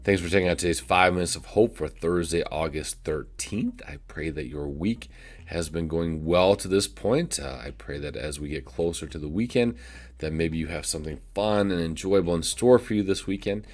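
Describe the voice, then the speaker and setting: A man's voice: low voice, normal speed. A man, a pastor giving a short video devotion in a folksy way, with many filler "uh"s. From United States. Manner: folksy, many filler "uh"s, chuckles at own jokes.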